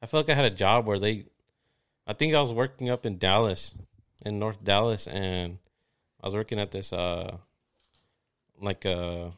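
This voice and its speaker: A man's voice: lowish voice, normal speed, pauses often, fairly bright tone, clear, resonant tone. Laid-back swearing podcast host, man. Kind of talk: casual podcast banter.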